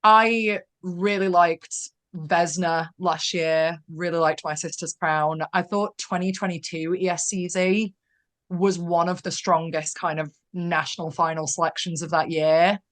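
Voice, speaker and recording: A woman's voice: lowish voice, steady tone, unhurried, a bit bright. A woman co-hosting a casual podcast, talking enthusiastically and sharing thoughtful opinions. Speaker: podcast co-host.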